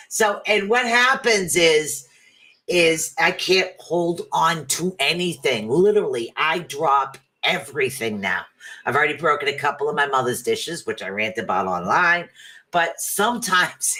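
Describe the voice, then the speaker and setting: A woman's voice: deep voice, sharp tone. A middle-aged woman hosting a casual chat stream, talking in a chatty, rambling way that jumps between thoughts. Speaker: livestream host.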